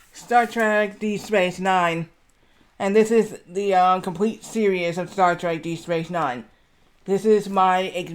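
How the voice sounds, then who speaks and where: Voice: mid-range voice, smooth. A streamer chatting casually on a live stream, rambling through anecdotes with many fillers and restarts. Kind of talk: casual livestream chat.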